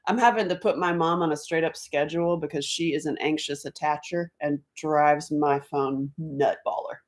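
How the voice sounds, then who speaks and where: A woman's voice: sits low, fairly even intonation. Chatty, rambling woman live-streaming. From Asheville, North Carolina, US. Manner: rambling, chatty, quick to laugh. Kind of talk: casual live-stream chat. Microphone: laptop computer mic.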